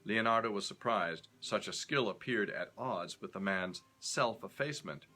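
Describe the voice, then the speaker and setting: A man reading a short story aloud, expressive and acting out each character. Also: on the low side, normal speed.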